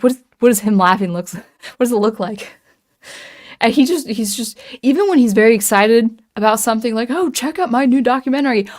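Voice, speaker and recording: Woman streamer, mid-pitched voice, thinks out loud with lots of ums and restarts. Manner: musing and hesitant, many ums and restarts. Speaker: livestream host reading chat comments. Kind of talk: casual livestream chat.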